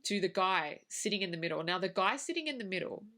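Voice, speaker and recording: Animated woman reviewing a film. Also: mid-range voice, quick pace. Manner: animated, swears, acts out her reactions. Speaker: podcast co-host. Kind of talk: casual film review chat.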